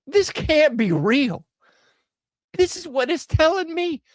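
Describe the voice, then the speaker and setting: A man's voice: extremely high pitch, big pitch swings, slow pace, long pauses, dry recording. A man hosting a podcast, riffing sarcastically on news clips and laughing often. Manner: sarcastic, laughing, drawling slang. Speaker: show host. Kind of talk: casual podcast commentary.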